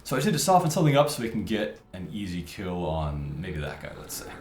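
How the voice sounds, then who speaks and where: A low-voiced man races through casual let's-play commentary, his pitch swooping wildly as he thinks aloud and mutters about his tactics. Background noise and game music come through the roomy mic.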